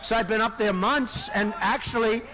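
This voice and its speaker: A presidential candidate giving a rambling, off-the-cuff rally speech, repeating himself and throwing asides to the crowd. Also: male voice, sits high, moderate pace, sharp tone. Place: large indoor rally venue.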